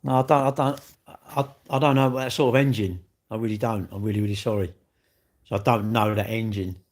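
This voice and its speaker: Hosting a casual livestream, a man with a fairly low voice talks fairly quickly and with fairly even intonation. He rambles in an exasperated way and keeps calling the viewer "mate."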